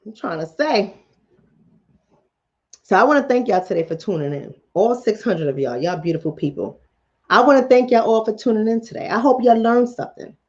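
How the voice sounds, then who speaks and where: A woman's voice: fairly high pitch, lively intonation, moderate pace, lo-fi sound. A woman hosting a mental health livestream in casual chat, blunt and profane, talking straight to her viewers. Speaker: mental health talk show host.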